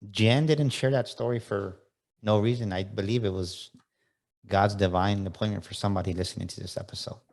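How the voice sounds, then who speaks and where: A man's voice: on the low side, fairly even intonation, brisk, darkish tone. A man hosting a motivational podcast interview, talking straight to his listeners with a preachy, rallying manner. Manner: preachy, rallies listeners directly. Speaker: podcast host.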